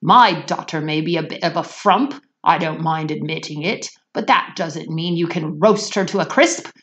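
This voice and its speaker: Woman voicing a pompous huffy rich dad, blustering, loud and cross, storybook reading. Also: sits low, moderate pace. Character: pompous indignant wealthy father.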